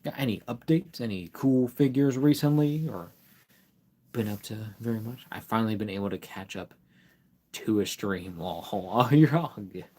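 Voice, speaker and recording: A man's voice: on the low side, moderate pace, dark tone. A man hosting a casual live stream, reading a product card aloud and chatting with viewers, full of fillers and restarts. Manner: chats directly with viewers in chat.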